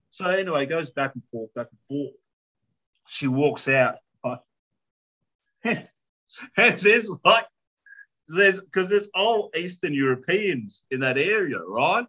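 An Australian man hosts a podcast, telling a story in casual, animated chat. His voice sits high, with a bright, forceful tone. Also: slow, pauses often, rough recording. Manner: animated, swearing, laughing while telling stories. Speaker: podcast host.

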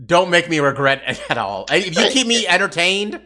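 A man chatting casually on a podcast, talking in an animated way and swearing freely. His voice sits a little high and sounds bright. His pitch moves around a lot, rising and falling constantly. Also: normal speed. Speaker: podcast co-host. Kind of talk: casual chat.

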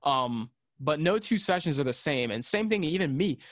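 A man's voice: fairly high pitch, animated, normal speed, a bit bright, no echo, clean studio sound. A man talking as a podcast guest about audio engineering, in casual chat that rambles with many fillers and restarts and turns emphatic.

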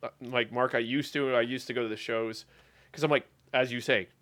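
A man's voice: mid-range voice, steady tone, a little fast, a bit bright. Easygoing guy w a mid-range voice chiming in on a chat. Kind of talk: casual chat.

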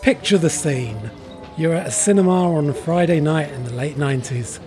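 Guy hosting a horror podcast, kinda high voice, joking around. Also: normal speed, over music. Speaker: podcast host. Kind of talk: scripted intro then casual chat.

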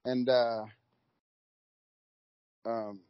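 A man's voice: mid-range voice, drawn-out words, no room sound. Sex: man. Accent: Kentucky twang. Role: racehorse trainer. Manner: folksy storyteller. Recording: dull, dry, lo-fi. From Louisville, Kentucky. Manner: relaxed storyteller, folksy, repeats words. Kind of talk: casual interview chat.

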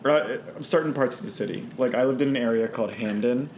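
A male host with a middle-range voice keeps the conversation loose with wry, profane banter. He jumps in with quick asides and little impressions. There is a faint noise floor behind him. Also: medium pitch, a little mellow. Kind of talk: casual chat.

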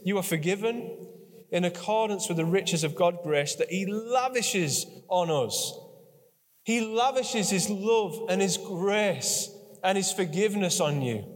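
A man with a high-pitched voice preaches a sermon, earnest and conversational, circling back to the same phrases and coaxing the congregation to speak along. His words ring out with a long reverb, as in a large church hall. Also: lively intonation, slow. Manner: earnest, repetitive and conversational, with audience prompts.

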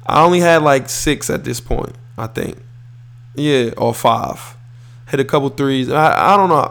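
A man's voice: medium pitch, creaky. A young man hosting a podcast, retelling a basketball game in casual, boastful, profane slang, correcting himself as he goes. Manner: animated, boastful, profane, restarts and self-corrections. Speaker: podcast host. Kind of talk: casual storytelling.

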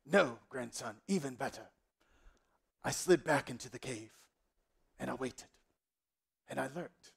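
Brief: old boastful grandpa king, quiet storyteller, put on by a preacher. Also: mid-range voice, gravelly, breathy edge, heavily acted. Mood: sly boastful. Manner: hushed, slow, storytelling.

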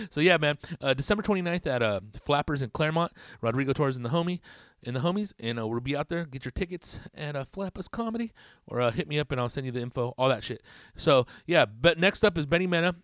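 A man's voice: a little high, animated, brisk, a bit bright, no echo, studio quality. A man hosting a podcast in casual chat, rambling, swearing a lot and laughing at his own jokes. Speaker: podcast host.

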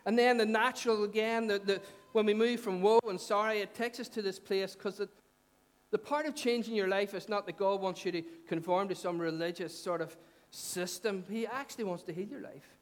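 A middle-aged man with a Northern Irish accent preaching a sermon as a pastor, earnest and conversational, pushing up on key points and dropping low for asides. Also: fairly even intonation, fairly quick. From Northern Ireland. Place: church hall.

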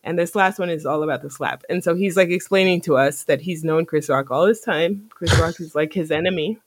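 A podcast host telling a story in casual chat, animated and profane, often laughing. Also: mid-range voice, fairly quick, husky, dry recording.

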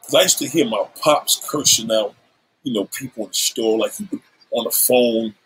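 A man's voice: medium pitch, normal speed, a bit bright, poor audio. A middle-aged man candidly telling a story from his past, swearing freely and acting out the lines he quotes. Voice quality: husky.

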